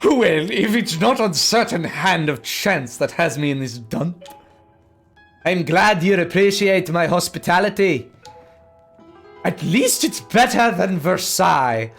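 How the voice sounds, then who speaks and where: A man voicing a gruff male innkeeper in a game, in a put-on Irish-Scottish style lilt. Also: high-pitched, animated, a little slow, faint music behind, full character voice. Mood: gruff welcoming. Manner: put-on Celtic-style accent, loud and theatrical.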